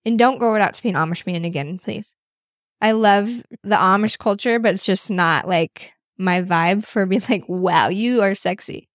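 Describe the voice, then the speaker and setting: A woman with a medium-pitched voice co-hosts a podcast at a moderate pace, chatting casually and playfully with her husband and packing her speech with "like." The recording is clean studio sound with no room echo.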